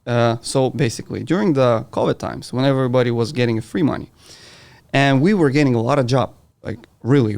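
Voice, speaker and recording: A man, co-owner of a framing company, talking casually as a podcast guest and telling lively stories in which he acts out the people he quotes. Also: medium pitch.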